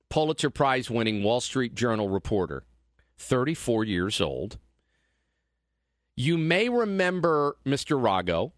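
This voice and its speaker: Sarcastic talk radio host, lively pitch. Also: male voice, dry recording, studio quality. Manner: sarcastic, mocking. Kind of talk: opinionated talk radio monologue.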